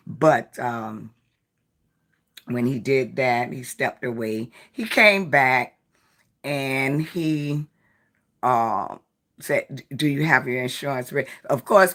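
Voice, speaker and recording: A woman's voice: extremely low pitch, creaky. A tired woman hosting a live stream, chatting casually and rambling through a story while greeting viewers by name. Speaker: live-stream host of a jewelry design channel.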